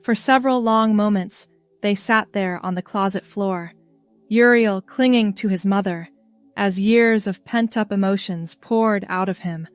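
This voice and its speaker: A woman narrates a story in scripted, measured fashion, reading gently. Her pace is very slow and deliberate, and the sound is dry and close, with faint music underneath. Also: mid-range voice, clean tone, dry recording.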